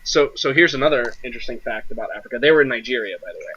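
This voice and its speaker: A man's voice: medium pitch, very fast, a crowd in the background. A young man running a tabletop game, chatting loosely with lots of fillers over a voice call. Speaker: game master. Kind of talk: casual chat over voice call. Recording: dull lo-fi sound.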